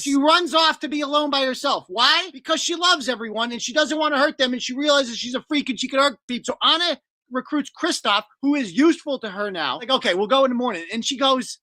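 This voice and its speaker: A man giving a profane, sarcastic comedic rant in an animated way. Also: extremely high pitch, dry recording.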